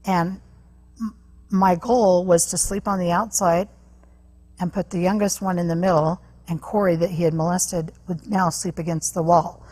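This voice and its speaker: Husky woman telling her story. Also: on the low side, fairly even intonation, darkish tone. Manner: earnest, halting storytelling with restarts. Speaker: interview guest. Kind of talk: personal testimony in a talk interview.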